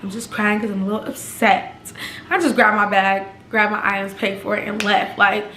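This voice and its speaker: A young woman vlogger, telling a personal story casually and acting out the quotes in a raised voice. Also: normal speed. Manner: animated, acts out quotes in higher pitch. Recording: echoey room, faint background noise.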